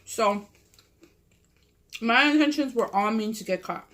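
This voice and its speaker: A woman's voice: fairly high pitch, measured pace, fairly bright tone. A woman, telling a story in casual, profane, rambling talk full of "like" while eating at home. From Southern California. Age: 30s. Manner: profane, rambling, lots of "like" fillers. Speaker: mukbang vlogger. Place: at home with a cat.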